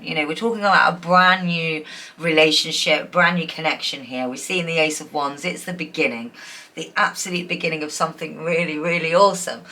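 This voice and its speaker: A woman's voice: low-pitched, pushed and bright. A woman giving a chatty, enthusiastic tarot reading to her viewers, often breaking into giggles. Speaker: tarot reader. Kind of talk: casual pick-a-card reading.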